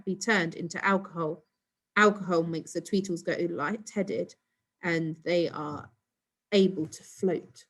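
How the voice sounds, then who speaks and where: A woman reading a children's storybook aloud in an expressive, steady storytelling voice. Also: lowish voice. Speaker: storybook reader.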